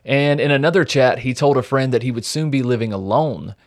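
A man's voice: mid-range voice, a little fast. A young man co-hosting a casual true-crime podcast, recounting the case and reading quotes aloud with wry jokes. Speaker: podcast co-host.

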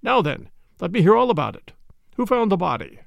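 A man voicing a businesslike police inspector in a storybook mystery. He fires off short, sharp questions in a slightly raised, firm voice. A gravelly edge sits under it. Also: high-pitched, sing-song, no room sound, lo-fi sound, heavily acted. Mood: brisk, probing. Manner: brisk and clipped, sharp questions. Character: brisk, businesslike male village police inspector.

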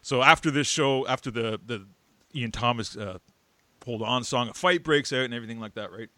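A man's voice: medium pitch, a little fast, pushed and bright, no echo. A man hosting a podcast, casually retelling a plot and tagging his points with "right?". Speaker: podcast host. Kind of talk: casual chat.

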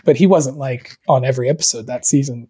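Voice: medium pitch, fast talker, mellow, breathy edge. A co-host in casual chat, reading out listener questions and hesitating with fillers.

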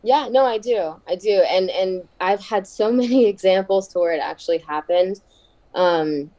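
A woman guest in a casual interview, chatty and quick to laugh, with many fillers. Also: medium pitch, warm tone, rough recording. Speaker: wrestler and podcast guest.

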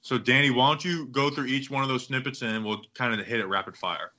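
A man hosting a casual sports podcast, talking in a rambling, excitable way and acting out other people's quotes. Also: medium pitch, brisk. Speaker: podcast host.

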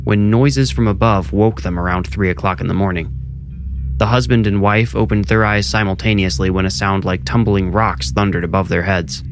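A man narrating a horror story in a measured, suspenseful way, with loud music behind. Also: fairly low pitch, steady tone. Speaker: narrator and author.

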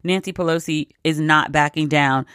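A woman's voice: sits low, fairly even intonation, normal speed, fairly bright tone, clear, resonant tone, no room sound, studio quality. A woman hosting a podcast, giving casual news commentary in a wry, exasperated way and laughing between quotes. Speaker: podcast host.

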